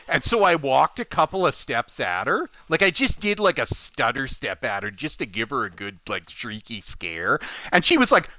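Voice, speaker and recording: A man spinning a casual story about a customer at work, his voice high and swooping wildly up and down. He talks with lots of "like" and quick laughs, bright and forward in tone, with a dry, close sound. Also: dry recording. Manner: animated, full of "like", laughs while telling. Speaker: recycling plant worker telling a story.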